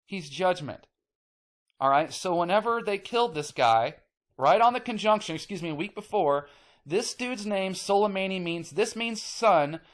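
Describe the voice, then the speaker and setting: A man's voice: high-pitched, lively intonation, normal speed. A man hosting his own channel, ranting emphatically to the camera, repeating himself, swearing casually and getting worked up. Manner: emphatic, repetitive, gets worked up. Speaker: channel host.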